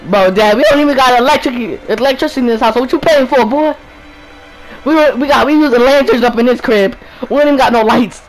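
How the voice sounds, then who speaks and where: A man's voice: very high voice, fast talker, faint music behind, voice pushed up, low-quality recording. A man voicing a cocky teenage boy, the son of a warrior, whining in slang to his father. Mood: complaining. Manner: whiny slangy complaining.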